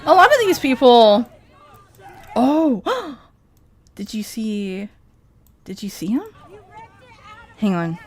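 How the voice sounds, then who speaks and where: A woman's voice: on the high side, sing-song, slow pace, long pauses, some chatter behind. A woman streamer in casual live-stream commentary, rambling and profane, laughing often as she talks.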